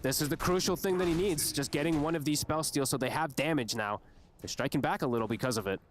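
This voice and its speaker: Fast-talking male game caster. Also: fairly high pitch, faint music behind. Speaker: esports caster. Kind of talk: play-by-play commentary.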